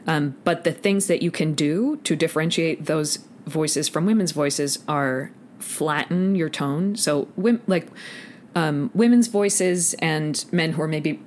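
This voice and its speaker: A woman who narrates audiobooks, with a fairly deep voice for a woman, talking animatedly in an interview and slipping into quick voice demonstrations. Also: darkish tone. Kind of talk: conversational interview. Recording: faint background noise.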